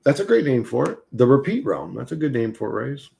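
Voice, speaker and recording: A man's voice: mid-range voice, very animated, brisk, gravelly, dark tone. A man hosting a casual livestream, rambling and swearing as he talks to his chat and to his dog. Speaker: livestream host.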